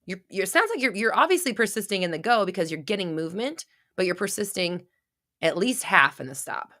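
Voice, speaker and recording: A woman's voice: medium pitch, big pitch swings, fairly quick, sharp tone. A woman hosting a livestream who answers chat questions, talking bluntly with swearing, restarts and rambling asides. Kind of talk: casual livestream advice talk.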